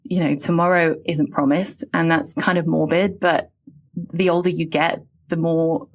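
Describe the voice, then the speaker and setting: A woman from England in her late thirties, talking in an earnest, reflective and halting way on a casual podcast. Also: low voice, little pitch movement. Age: late 30s.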